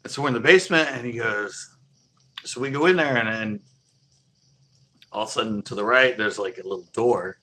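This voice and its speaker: A man's voice: mid-range voice, a little fast, long pauses, sharp tone. A man telling a long casual anecdote, rambling with many fillers and chuckling as he goes. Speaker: storyteller.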